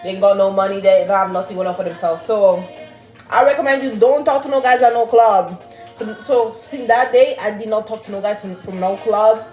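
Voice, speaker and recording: A young woman, telling a story casually to her viewers in an animated, swearing manner and laughing often. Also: medium pitch, a little fast. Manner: animated, swearing, laughing, reading chat aloud. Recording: roomy with faint music.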